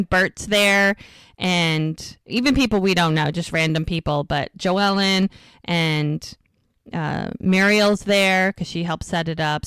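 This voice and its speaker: A woman's voice: mid-range voice, fairly bright tone, smooth, no echo. A woman co-hosting a podcast, chattily retelling an episode scene by scene with frequent fillers. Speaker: podcast co-host. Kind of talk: casual episode recap.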